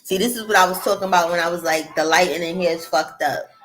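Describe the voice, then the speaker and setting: A woman's voice: lowish voice, fast talker, a bit bright, faint music behind, rough recording. A woman hosting a livestream, chatting loosely with viewers in slangy, profane talk. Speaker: livestream host. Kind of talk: casual livestream chat.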